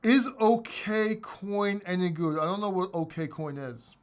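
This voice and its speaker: A man hosting a casual livestream chat, animated and emphatic, talking bluntly and swearing now and then. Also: high-pitched, measured pace. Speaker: host.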